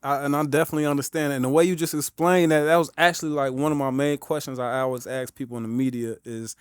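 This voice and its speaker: A man hosts a podcast, easygoing and full of slang. His voice is a little high and smooth and resonant. The studio sound is dry. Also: steady tone, quick pace, dry recording. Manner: laid-back, slangy. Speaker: podcast host. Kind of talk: casual interview chat.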